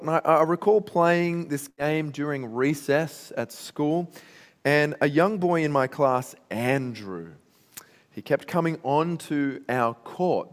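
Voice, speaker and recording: A man with an Australian accent preaching a sermon, telling stories in a conversational way. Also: medium pitch. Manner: conversational storytelling. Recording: long reverb in a hall.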